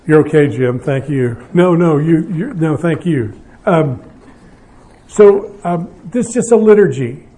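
An older male pastor speaking to a gathered audience at an evening marriage seminar. His voice sits a little higher than most men's but has a mellow, warm tone. He talks conversationally, joking at his own expense and often restarting his sentences. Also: animated, a little slow. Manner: conversational, self-deprecating, with frequent restarts.

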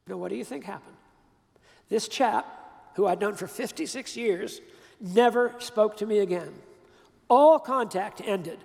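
An older man preaches in a high, gravelly voice, telling his story conversationally and leaning hard on key words. His voice rings out with a long reverb, as from a big hall. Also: darkish tone. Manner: conversational, emphatic storytelling with pauses and restarts. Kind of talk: storytelling sermon.

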